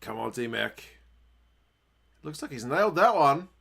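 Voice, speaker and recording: A man with a New Zealand accent hosting a casual rugby watchalong stream, chatting with viewers and getting excited at big plays. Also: a little high, measured pace, creaky, very noisy. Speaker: livestream host.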